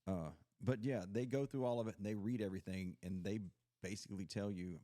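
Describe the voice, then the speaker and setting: A man with a drawl talks in a loose, rambling way, full of fillers and restarts as he tells his stories. His voice sits low and mellow, with a warm, dark tone. The recording is dry and close, with almost no room sound. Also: fairly even intonation, a little fast, no echo. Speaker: podcast host; Coast Guard veteran. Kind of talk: casual chat.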